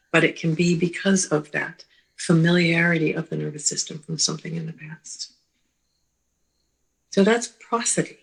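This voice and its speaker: A woman clinician giving a slow, gentle teaching talk, pausing often and checking in with the listener. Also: sits low, vocal fry, husky, low-quality recording. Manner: slow, gentle, with pauses and repeated "right?".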